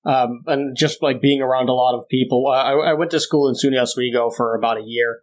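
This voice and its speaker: A young man co-hosting a podcast in casual chat, ranting with exaggerated disdain and climbing higher as he gets worked up. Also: steady tone, a little fast. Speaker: podcast co-host.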